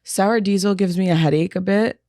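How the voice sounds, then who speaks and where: A woman's voice: medium pitch, normal speed, mellow, dry recording, clean studio sound. A young woman co-hosting a podcast in a laid-back casual chat, laughing often and using many fillers. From New York area. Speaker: podcast co-host.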